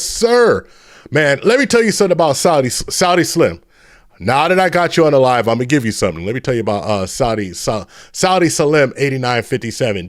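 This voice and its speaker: A middle-aged man from the Bay Area hosting a casual live stream, telling rambling stories and shouting out viewers. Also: mid-range voice, no echo, clean studio sound. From San Francisco Bay Area.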